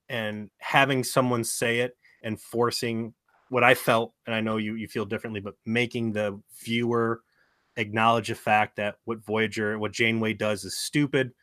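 A man's voice: fairly low pitch, sharp tone, no room sound. A man co-hosting a casual podcast chat, wry and self-mocking, with some swearing. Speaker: podcast co-host.

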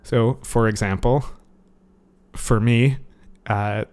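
A man chatting as a guest on a podcast, hesitant and full of fillers as he describes his own show. His voice is smooth and clean. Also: medium pitch, fairly even intonation, takes it slowly, a little mellow. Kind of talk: casual interview chat.

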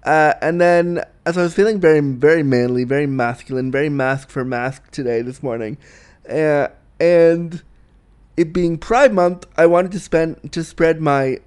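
A man's voice: fairly high pitch, measured pace, a little mellow, clean tone. A man hosting a casual solo podcast, talking candidly and bawdily in a rambling way with restarts and giggles. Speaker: podcast host.

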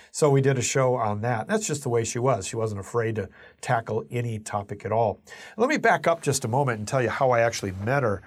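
A man's voice: medium pitch, expressive, fast talker, slightly rough. Man telling earnest personal stories. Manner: earnest, reflective, anecdotal. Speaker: Catholic teacher and speaker. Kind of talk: personal storytelling talk.

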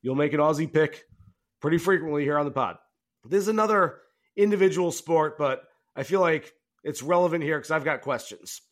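A man hosting a golf betting podcast, chatting casually and telling stories with animated jokes. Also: a little high, fairly quick. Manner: animated, jokey storytelling. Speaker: podcast host.

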